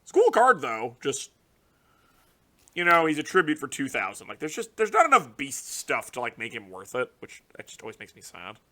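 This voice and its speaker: A young man giving casual, profane reaction commentary on a card game release, ranting in exasperation with sudden loud outbursts. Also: medium pitch, wildly swooping pitch, moderate pace. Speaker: card game content creator.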